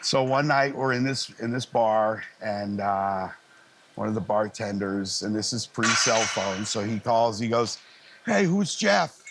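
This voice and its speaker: A middle-aged man, a live sound engineer, telling lively, easygoing stories in a casual interview and acting out other people's lines. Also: on the low side, measured pace, noisy background. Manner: animated anecdotes, acting out others' lines in a raised voice; frequent fillers and restarts, easygoing.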